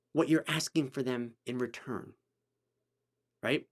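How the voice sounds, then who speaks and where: A man hosting a live photography chat, answering viewers by name and stressing points by repeating them, his pitch swinging between low, slow stretches and high bursts. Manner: emphatic, repeats key phrases for stress. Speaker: photography podcast host. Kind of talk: live-streamed teaching chat.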